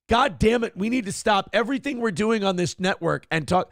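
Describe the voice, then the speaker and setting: A man hosting a morning show, ranting with profane sarcasm in a high, gravelly voice. His pitch swings widely as he talks, and the sound is dry and close. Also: animated, brisk, few pauses, a bit bright, no echo. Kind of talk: ranting commentary on news clips.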